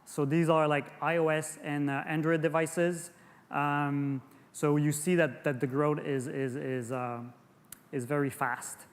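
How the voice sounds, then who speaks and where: Speaking unhurriedly and with flat delivery, a fairly high-voiced French Canadian man presents at an industry conference. His talk is full of stumbles, restarts and repeated words, and a large hall gives it long reverb.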